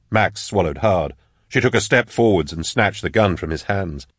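A man narrating an audiobook chapter in a measured storytelling manner. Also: low-pitched, lively intonation, fairly bright tone, no room sound, clean studio sound. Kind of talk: scripted narration.

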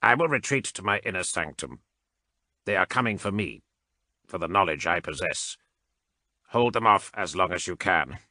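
A man voicing a cold, mechanical male cyborg adept who speaks without emotion in slow, precise sentences. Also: sits low, animated, sharp tone, dry recording, full character voice.

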